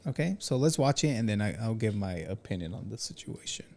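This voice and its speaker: A man hosting a casual reaction commentary, animated and talking straight to his chat. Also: on the low side, brisk, gravelly. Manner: animated, talks to chat, says "bro" often. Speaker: commentary channel host.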